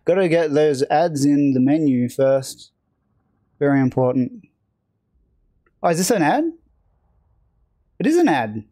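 Mellow-voiced man rambling while streaming. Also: a little high, sing-song, moderate pace, long pauses, dry recording. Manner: rambling, self-mocking banter with chat. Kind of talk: casual live game-stream commentary.

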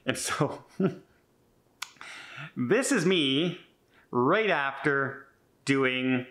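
A man's voice: medium pitch, expressive, drawn-out words, fairly bright tone. A man in his fifties talking in a casual vlog, chatty and rambling with many restarts, earnest and a bit defensive. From Canada. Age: 50s. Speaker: vlogger.

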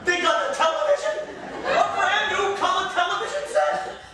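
A man acting as an excitable middle-aged husband in a live stage play, recorded from the back of an echoey theater. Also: very high-pitched, moderate pace, a crowd in the background. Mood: agitated. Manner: blustering, shouting curses, then soothing. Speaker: stage actor. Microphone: distant room mic. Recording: echoey hall, distant, some noise.

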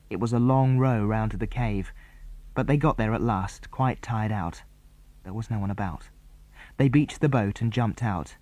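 Man reading a children's storybook, mellow tone, clear even telling, dry close sound. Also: fairly low pitch, normal speed, no room sound. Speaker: audiobook narrator. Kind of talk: storybook narration.

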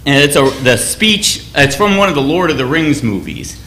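A man's voice: fairly high pitch, very animated, moderate pace, sharp tone, echoey room, a little hiss or hum. A man giving a sermon in a conversational, anecdotal way, often restarting his phrases. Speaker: church speaker.

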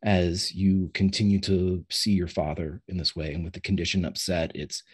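A man narrating as game master of a tabletop role-playing game, slowing down for dramatic reveals. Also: deep voice, little pitch movement, slightly rough.

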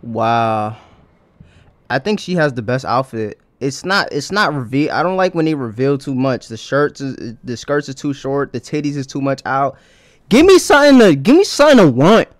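A man's voice: mid-range voice, very animated, moderate pace, no echo. A young man hosting a casual reaction to a dating video, blunt and crude, riffing in slang.

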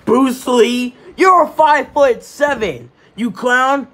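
Brief: a man doing a cocky dragon king boxer, mocking trash talk, high-set voice. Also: slow, a bit bright, heavily acted. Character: brash boastful dragon king boxer, male.

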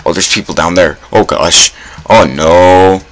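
Very deep-voiced young gamer groaning at himself. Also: male voice, measured pace, a bit bright, low-quality recording. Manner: self-mocking, dramatic groans and exclamations. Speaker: gaming YouTuber. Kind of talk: casual gameplay commentary.

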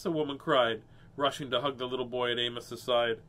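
A man's voice: medium pitch, fairly even intonation, brisk, sharp tone. A man reading a children's book aloud as host, breaking off for playful, self-mocking jokes. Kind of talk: storybook read-aloud with joking asides.

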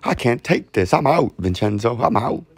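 A man's voice: mid-range voice, expressive, normal speed, breathy edge, no room sound. A man voicing a despairing, broke male investor who whines in exasperation. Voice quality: whiny, exasperated.

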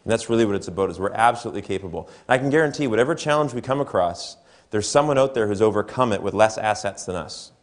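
A man's voice: lowish voice, expressive, fast. A man giving a motivational keynote at a conference, talking conversationally and asking the audience questions. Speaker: keynote speaker. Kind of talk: motivational seminar talk. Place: conference hall before an audience.

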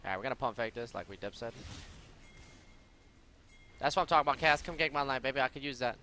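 A man streaming a video game live, commenting in a brash, profane way that swings from low muttering to sudden shouts. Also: animated, fast, a little hiss or hum.

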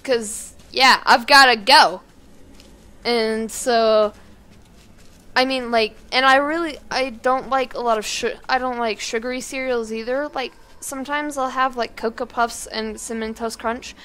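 Bright-voiced teen girl rambling over gameplay. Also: a little high, steady tone, moderate pace, clean tone. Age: teens. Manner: chatty and rambling, bursts into shrieks and yells. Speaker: gaming YouTuber. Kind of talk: let's play commentary. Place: kitchen at home.

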